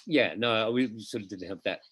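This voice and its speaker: Brief: middle-aged man, low voice, dry close sound, chatty storyteller. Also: moderate pace, no room sound. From Australia. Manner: chatty, animated anecdotes with put-on voices. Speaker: interview guest, musical theatre singer. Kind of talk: casual storytelling interview.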